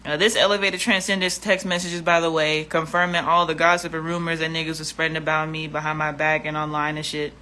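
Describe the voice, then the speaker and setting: A woman's voice: low voice, flat delivery, brisk, few pauses, pushed and bright, a little hiss or hum. A woman vlogging in a casual, profane rant, blunt and exasperated, often repeating herself.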